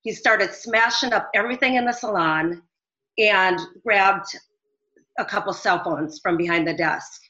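A woman's voice: medium pitch, a little slow, bright, forceful tone. A middle-aged woman, a business owner calling into a talk show, recounting events in an earnest, rambling way. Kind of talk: phone-in interview. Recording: dull lo-fi audio.

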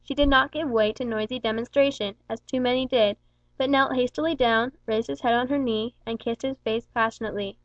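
A woman reads a novel aloud in a steady, measured manner. Her voice sits somewhat high. The recording is dry and a little dull. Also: dry recording. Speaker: audiobook reader. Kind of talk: scripted narration.

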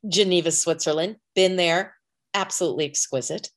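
A woman's voice: fairly low pitch, a little fast. A woman co-hosting a casual chat podcast, chatty and laughing often. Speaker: podcast co-host.

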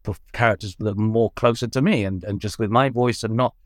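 A male actor and writer being interviewed, talking thoughtfully with frequent ums and lively swings in pitch. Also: brisk, dry recording, clean studio sound. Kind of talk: casual interview chat.

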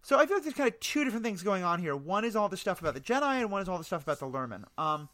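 A man's voice: high voice, big pitch swings, racing, fairly bright tone, no room sound. A man hosting a casual podcast discussion, talking with frequent ums and restarts as he recaps episodes. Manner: hesitant, many ums, recaps plot. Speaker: podcast host. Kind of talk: casual chat.

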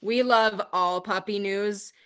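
A woman's voice: medium pitch, steady tone, slow pace, smooth. A woman co-hosting a podcast in casual chat, easygoing and supportive with a wry touch. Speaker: podcast co-host.

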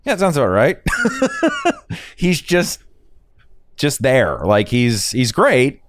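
A podcast host chats loosely, rambling, cursing and laughing at his own stories. His mid-range voice swings hugely in pitch, he takes his time, and the recording is dry.

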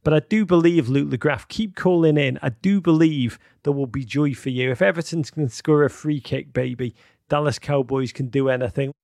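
A middle-aged man hosting a live call-in show, rambling and repeating words as he speaks warmly and emotionally to callers. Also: on the high side, moderate pace, creaky. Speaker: podcast host taking callers.

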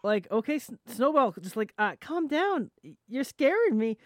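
A woman voices a frightened teenage girl, pleading nervously and pitching her voice above her natural register. The delivery is fairly high, very animated, and moderately paced, on a dry, clean studio recording.

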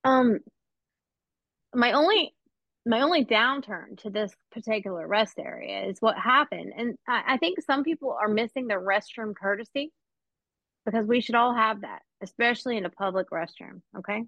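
A woman hosting a casual talk show, telling animated, profane stories and laughing often. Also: a little high, moderate pace, vocal fry, dry recording, lo-fi sound. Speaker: podcast host. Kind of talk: casual storytelling chat.

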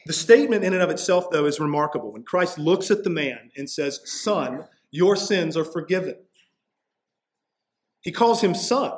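A man's voice: fairly high pitch, lively intonation, moderate pace. A man preaching a sermon in a conversational way, often checking in with "right?" and acting out the people he quotes. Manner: conversational preaching, frequent "right?" asides, acts out quoted voices. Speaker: pastor.

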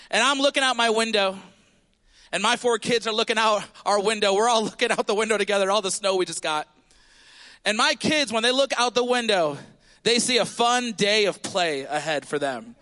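A man in his thirties preaching a sermon as pastor of a church, telling a story with animated call-outs to the congregation. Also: high voice. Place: church sanctuary.

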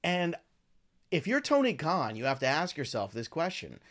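A man hosting his own talk show, giving opinionated, rambling commentary with lively swings in pitch and loudness. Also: normal speed. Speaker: podcast host. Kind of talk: casual wrestling commentary.

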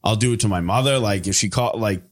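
A man's voice: on the low side, fast talker. A man chatting casually with friends, swearing often and acting out phone calls in funny voices. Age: adult with young kids. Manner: profane, animated, mimics people in quotes. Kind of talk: casual group chat.

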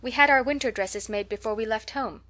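A woman voicing a polite, quietly rebellious teenage girl in an audiobook reading, with a reserved manner. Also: on the high side, fairly quick, natural voice.

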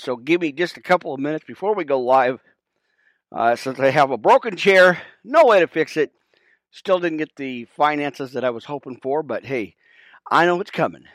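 A breathless man, a pastor hosting a podcast, rambles through his setup in a slightly high voice. He keeps stopping to call his listeners friends and fills the gaps with halting sounds. The sound is close and dry, with almost no room echo. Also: fairly bright tone. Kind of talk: casual chat while setting up a livestream.

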